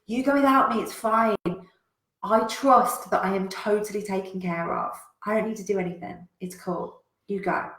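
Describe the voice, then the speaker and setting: A woman's voice: a little high, very animated, measured pace, hardly any pauses, a little mellow, voice pushed up. A woman playing a stubborn man waving off rescue. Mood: breezy stubborn. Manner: insistent, breezy dismissal. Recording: roomy echo.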